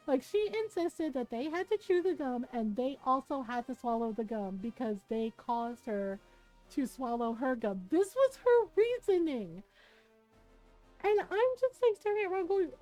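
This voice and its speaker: A woman's voice: high-pitched, unhurried, faint music behind, poor audio. A woman streamer chatting casually, telling a story with frequent laughs and quoted voices. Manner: animated, laughing often, quoting others.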